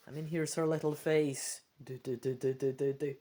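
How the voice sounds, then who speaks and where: A woman with a Scottish accent reading a gamebook aloud, breaking off into chatty, quick asides. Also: low-pitched, steady tone, dark tone. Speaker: gamebook reader. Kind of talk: casual read-through with chatty asides.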